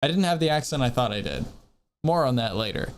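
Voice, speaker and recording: A man's voice: mid-range voice, big pitch swings, a little fast. A man streaming a game and chatting casually, rambling and poking fun at himself. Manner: rambling, self-deprecating, jokey. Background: faint music.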